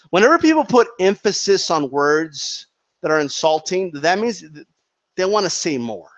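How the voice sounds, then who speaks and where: A fired-up man talks through his opinions in a fairly high voice, circling back to his points and tagging them with "right?" again and again. The sound is dull and lo-fi, like a cheap home mic. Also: lively intonation, normal speed. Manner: heated, repetitive, peppers with "right?" and "okay?". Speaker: boxing commentary channel host. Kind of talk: opinionated commentary monologue.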